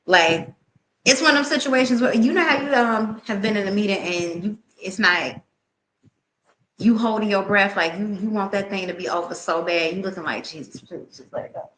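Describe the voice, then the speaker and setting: Woman, tarot reader, animated, slangy, bright tone. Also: medium pitch, moderate pace, a little hiss or hum. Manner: animated, laughing, slangy and candid. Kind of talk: live tarot reading and storytelling.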